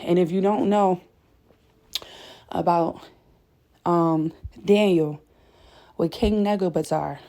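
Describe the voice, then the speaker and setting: A woman's voice: on the low side, fairly even intonation, slow, long pauses, mellow. A woman giving an impassioned spiritual message, emphatic and preachy, a little breathless as she paces, often turning to her viewers with "y'all" and "okay?". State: breathless from pacing. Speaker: spiritual content creator. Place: indoors at home, late at night.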